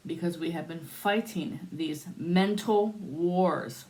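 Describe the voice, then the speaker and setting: A woman with a lowish voice tells a spiritual story at a very unhurried pace. She draws out her phrases with pauses between them, and her tone stays soothing throughout. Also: dark tone.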